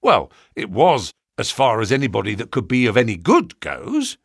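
Guy voicing a rough-talking constable, husky, pushed up high, swings all over, dry sound. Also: wildly swooping pitch, normal speed, no echo, full character voice. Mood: aggrieved. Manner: dropped grammar, rough common speech. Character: gruff working-class London police constable, defensive. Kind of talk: audiobook character reading.

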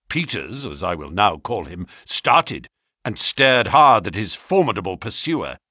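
Expressive male audiobook narrator. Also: fairly low pitch, measured pace, husky, dry recording, clean studio sound. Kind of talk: scripted narration.

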